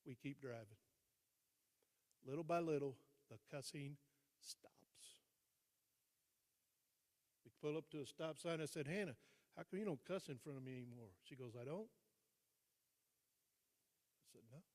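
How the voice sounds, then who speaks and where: An older man, a guest speaker, telling a story in a motivational speech, acting out both sides of a conversation and dropping his voice low for emphasis. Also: unhurried, pauses often, darkish tone. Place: large hall. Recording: long hall reverb.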